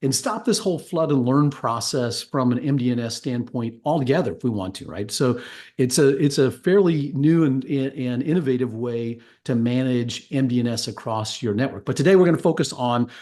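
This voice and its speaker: A man's voice: medium pitch, lively intonation, normal speed, darkish tone. Man, technical webinar presenter, explanatory, keeps asking right. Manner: explanatory, frequent "right?" check-ins. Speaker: guest presenter.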